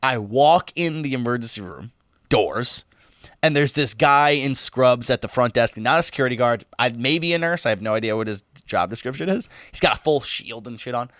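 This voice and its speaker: A man's voice: medium pitch, moderate pace, no echo, clean studio sound. A man co-hosting a podcast, telling a story in casual, profane chat and laughing as he goes. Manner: animated, profane, laughs while telling stories. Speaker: podcast co-host.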